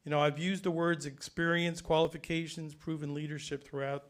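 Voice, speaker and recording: A man's voice: on the high side, level tone, fairly quick. Earnest man giving council farewell remarks. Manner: earnest, conversational, with fillers. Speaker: council member. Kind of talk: farewell remarks at a public meeting. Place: council meeting room.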